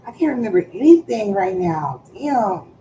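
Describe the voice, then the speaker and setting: A woman chatting casually on a live stream, loud and playful, swearing freely and trailing off as she searches for words. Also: medium pitch, very animated, moderate pace, slight background noise, poor audio.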